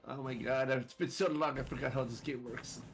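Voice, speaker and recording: A man's voice: medium pitch, fairly even intonation, brisk. Casual joking man playing a tabletop game. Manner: casual, joking, self-deprecating. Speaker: player.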